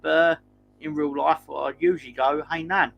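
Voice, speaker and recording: A man who is a guest on a casual football chat tells stories in a rambling, self-mocking way. His voice is a little high for a man, and a faint hum runs under it. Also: steady tone, moderate pace, creaky, lo-fi sound. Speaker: guest pundit.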